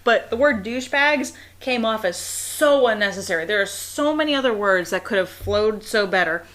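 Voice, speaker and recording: A young woman from the Pittsburgh area with a Pittsburgh accent, a guest on a casual podcast, talking in an animated way with quick asides and laughs. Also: mid-range voice. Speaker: guest reviewer.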